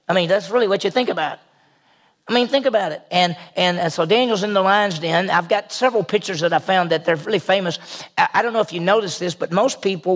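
A man preaches with a raised, fairly high pitch and a gravelly edge to his voice. He tells the story with lively emphasis, then drops suddenly to a hushed, almost whispered tone. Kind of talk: sermon.

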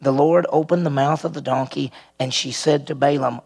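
A man preaching verse by verse, animated and full of questions aimed at his listeners. His voice is on the higher side with a gravelly, husky texture. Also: moderate pace. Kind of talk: expository sermon.

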